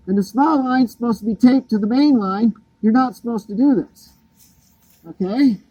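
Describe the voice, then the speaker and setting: A homeowner crawls under his house for an annoyed walkthrough vlog, ranting with sarcasm and anger as he points out a botched installation. His voice is high, mellow, and slightly rough, and he speaks at a moderate pace. The audio is poor.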